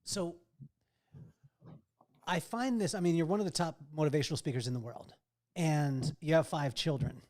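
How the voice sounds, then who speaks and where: A man's voice: a little high, moderate pace, pauses often, darkish tone. A man hosting a podcast, asking long, winding interview questions with restarts. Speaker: podcast host.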